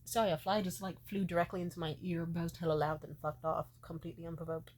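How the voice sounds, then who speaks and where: A woman's voice: lowish voice, level tone, quick pace, darkish tone, slight background noise. A young woman in her twenties telling a personal story in a casual way, candid and emotional, swearing freely. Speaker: vlogger.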